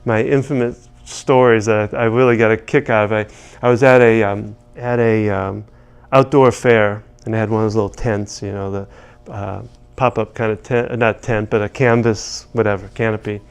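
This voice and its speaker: A man's voice: fairly low pitch, steady tone, moderate pace, clear, resonant tone. A man teaching tapping, telling a long rambling story full of restarts and asides. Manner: rambling, many restarts and "you know"s. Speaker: EFT practitioner. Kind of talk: casual teaching with anecdotes.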